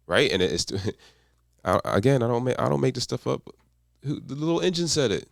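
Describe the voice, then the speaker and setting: Male accountability coach, motivational monologue, swooping lively delivery, dry close sound. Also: medium pitch, a little fast, vocal fry, pauses often, no room sound. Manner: repetitive, emphatic mantras.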